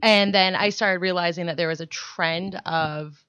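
A woman co-host on a comedic podcast, chatting casually and cutting in with quick jokes. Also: lowish voice, steady tone, fairly bright tone, clean tone, no echo. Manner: quick, joking interjections. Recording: dull dry lo-fi sound.

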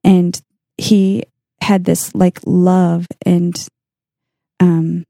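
A woman's voice: lowish voice, flat delivery, drawn-out words, vocal fry, dark tone, dry recording, clean studio sound. A woman co-hosting a casual faith podcast, talking earnestly through Bible passages from her notes. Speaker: podcast co-host.

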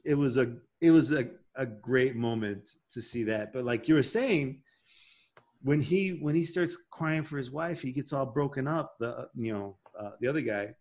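A man's voice: mid-range voice, darkish tone. A man hosting a podcast in casual chat, rambling and emotional as he talks. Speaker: podcast host.

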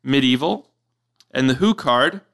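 Man hosting with halting fillers. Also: medium pitch, animated, creaky, a bit bright. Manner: hesitant, many fillers and restarts. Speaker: podcast co-host running a movie game. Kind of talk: casual comedy podcast chat.

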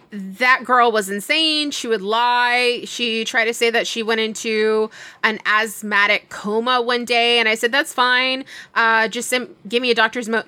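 Young adult woman, chatty storyteller who acts out quotes, fairly high and bright. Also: no echo. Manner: animated retelling with quoted dialogue. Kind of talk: casual storytelling chat.

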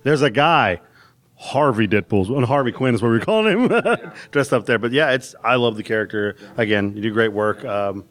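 A man's voice: mid-range voice, lively intonation, normal speed, fairly bright tone. A man, a fan, chatting eagerly with the artist, laughing often as he talks. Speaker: fan asking questions. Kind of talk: casual chat.

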